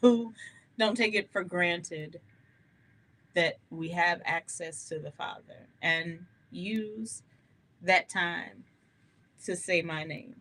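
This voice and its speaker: A woman hosting a live gospel radio show, talking to listeners in an animated, candid way and laughing often. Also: lowish voice, slow pace, long pauses. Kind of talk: live-streamed radio talk, testimony.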